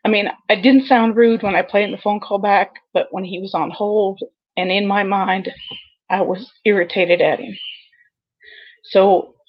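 A woman dispatcher telling a personal story over a video call, earnest and halting with many pauses. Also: medium pitch, steady tone, muffled recording. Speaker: 911 dispatcher guest.

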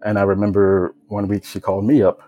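A young man from the United States recounting a personal experience in a low-key, reflective way, with many casual fillers. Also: monotone, fairly quick, narrow, tinny audio. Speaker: storyteller. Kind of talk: personal testimony.

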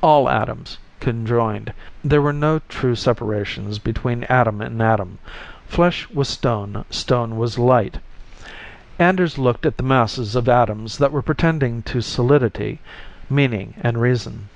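Slow gravelly male narrator. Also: mid-range voice. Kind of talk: audiobook story reading. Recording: slightly muffled lo-fi recording.

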